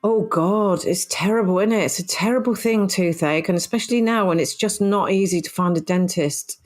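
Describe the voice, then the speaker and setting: A woman's voice: medium pitch, moderate pace. A middle-aged woman co-hosting a casual podcast chat, laughing often and arguing playfully. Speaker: podcast co-host. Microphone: home podcast microphone.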